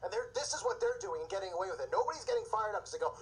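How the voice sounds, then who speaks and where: A man's voice: high voice, animated, very fast, low-quality recording. A man hosting his own show, delivering an impassioned, indignant religious commentary with mocking asides. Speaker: show host.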